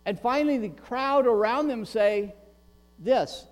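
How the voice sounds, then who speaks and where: A man preaching a sermon as pastor, animated, acting out a shouting crowd and pleading beggars. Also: extremely high pitch, unhurried. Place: church sanctuary. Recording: long reverb with mains hum.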